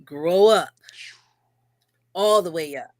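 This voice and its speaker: A woman's voice: on the low side, takes it slowly, darkish tone, no echo. A woman co-hosting a live talk about relationships, speaking earnestly and repeating key phrases for emphasis. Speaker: co-host.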